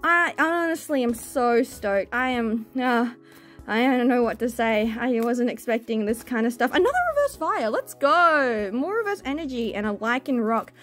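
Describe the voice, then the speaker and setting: A young woman chatting casually as she opens card packs on camera, excitable and gushing, squealing over good pulls. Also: a little high, unhurried, faint music behind. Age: young adult. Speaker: card-opening vlogger. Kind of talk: casual chat while opening card packs.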